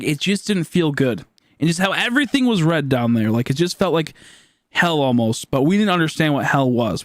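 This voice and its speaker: Rambling young man, slightly high voice. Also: no echo, clean studio sound. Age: late 20s. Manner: rambling, full of "like" fillers and restarts. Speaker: streamer. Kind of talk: casual storytelling on a live stream.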